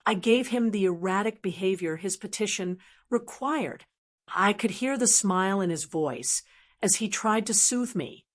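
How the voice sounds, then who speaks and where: A woman narrating a dramatic first-person story in a measured, scripted way. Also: mid-range voice.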